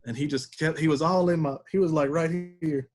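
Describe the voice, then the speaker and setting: A man's voice: fairly high pitch, fairly even intonation, a little fast, a little mellow. A man, a podcast guest telling a story in a laid-back way and laughing as he goes. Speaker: podcast guest, former catcher. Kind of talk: casual storytelling.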